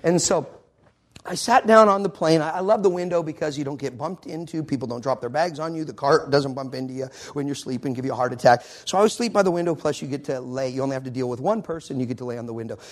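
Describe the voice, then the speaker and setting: A middle-aged male minister telling a story in a sermon, swinging from shouts down to whispers. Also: mid-range voice, fast. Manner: animated storyteller, shouts at peaks, drops to a whisper.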